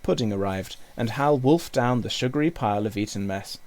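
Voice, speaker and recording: A male teacher reading a children's book aloud with expressive storytelling. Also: medium pitch, brisk. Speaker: primary school teacher.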